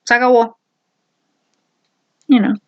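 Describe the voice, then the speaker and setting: A young woman with a fairly high voice tells a personal story to the camera, blunt and animated, slipping into other people's voices as she goes. The recording is a little dull and lo-fi. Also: measured pace. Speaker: vlogger. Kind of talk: casual storytelling.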